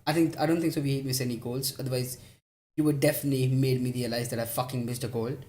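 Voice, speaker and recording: A man's voice: medium pitch, steady tone, fast talker, warm tone, slight background noise. A young man hosting a live football watch-along stream, reacting to the match and answering chat in a casual, profane way.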